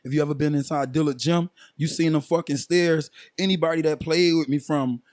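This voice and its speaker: A young man, a guest musician on a casual podcast, tells long, loose stories and keeps checking in with his listeners. His voice sits a touch high for a man and sounds dry and close, with no room around it. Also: steady tone, a little fast, a little mellow, no echo. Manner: laid-back slang-heavy storytelling, frequent "you feel me".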